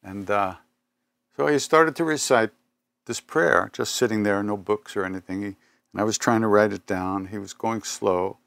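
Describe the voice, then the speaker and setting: An older man giving a spiritual talk, telling personal stories in an unhurried, reflective way with pauses and self-corrections. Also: fairly low pitch, vocal fry, a bit bright, no echo. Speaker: spiritual teacher.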